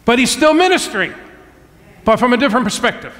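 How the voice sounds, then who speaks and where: A male pastor delivers a sermon in a high voice, leaning hard on key words and stretching them out slowly. He calls out for amens from the congregation. His voice rings with the long reverb of a church sanctuary. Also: big pitch swings, fairly bright tone.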